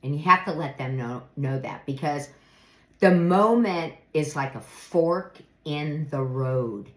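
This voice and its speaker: A middle-aged woman talks through life advice at a slow, deliberate pace. Her voice sits low, and she sounds earnest and reflective as she sometimes acts out little example phrases. The recording has a noticeable room echo. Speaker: speaker giving life advice. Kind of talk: reflective motivational monologue. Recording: echoey room.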